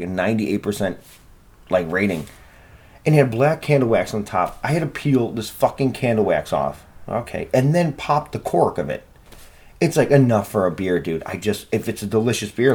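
Husky profane man ranting. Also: lowish voice, darkish tone. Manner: profane, rambling, self-deprecating. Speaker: podcast host. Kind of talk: casual solo podcast rant.

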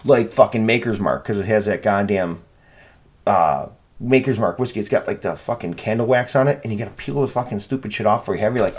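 A man's voice: lowish voice, lively intonation, fast, a little mellow, slightly rough. A man hosting a solo podcast, rambling and swearing in a self-deprecating, casual way. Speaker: podcast host.

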